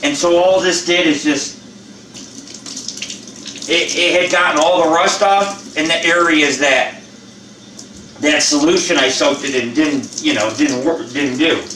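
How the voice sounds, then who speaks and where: A man's voice: fairly high pitch, steady tone, a little slow, pauses often, echoey room, far from the mic, noisy background. An older man who is a channel host, chatting bluntly and rambling with plenty of swearing in a casual how-to vlog.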